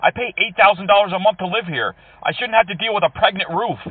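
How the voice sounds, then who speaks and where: Guy prank calling, fast talker, fake outraged, narrow phone-sounding audio. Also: high voice, breathy edge, no echo, distant mic. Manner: mock-indignant, needling complaints. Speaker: prank caller trolling scammers.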